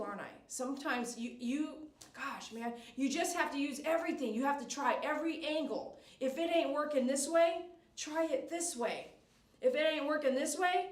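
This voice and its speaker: A middle-aged woman dog groomer chats on a live stream from her salon, giving emphatic, repetitive advice while coaxing a dog. Her voice is a little high and off-mic in an echoey room.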